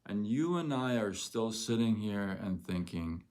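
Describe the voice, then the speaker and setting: A man's voice: on the low side, lively intonation, measured pace, hardly any pauses, darkish tone. A man hosting a live motivational talk as a network marketing coach, emphatic and repeating lines for effect.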